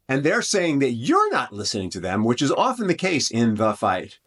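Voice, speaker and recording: Man, podcast host, fairly low voice, earnest conversational advice, frequent asides and restarts. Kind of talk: relationship advice podcast monologue.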